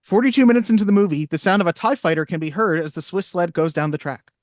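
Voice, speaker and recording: A man co-hosting a casual movie podcast, reading trivia facts briskly and chatting. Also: high-pitched, no room sound, studio quality. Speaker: podcast co-host.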